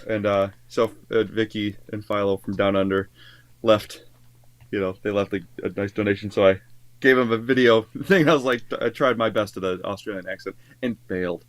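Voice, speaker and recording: A man's voice: fairly low pitch, brisk, no echo. A man co-hosting a live reaction stream as a songwriter, talking in a rambling way full of fillers and laughing often. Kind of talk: casual live stream chat.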